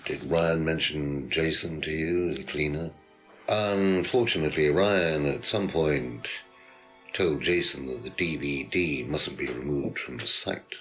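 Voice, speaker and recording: A man's voice: extremely low pitch, measured pace, fairly bright tone, soft background music. An actor playing a condescending, evasive male teacher under suspicion, speaking in a video game. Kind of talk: full-motion video game acting.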